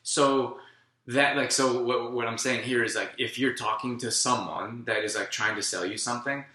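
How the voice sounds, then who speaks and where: A man's voice: mid-range voice, steady tone, normal speed, bright, forceful tone. A man in casual chat, rambling and filling his speech with "like". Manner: rambling, heavy use of "like". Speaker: co-host of a wellness channel. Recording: echoey room.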